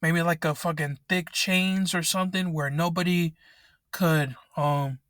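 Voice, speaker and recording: Young man, angry rant, swearing a lot, bright tense voice, dry close sound inside a car. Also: a little high, fairly even intonation, measured pace, no echo. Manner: angry, frustrated, swearing often. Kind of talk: ranting vent vlog. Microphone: laptop microphone.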